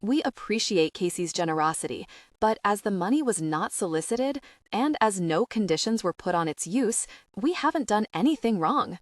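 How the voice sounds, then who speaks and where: A woman's voice: mid-range voice, animated, normal speed, dry recording, studio quality, lightly acted. A woman reading an audiobook, voicing a father who keeps a tight, strained politeness under pressure. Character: anxious father trying to stay calm.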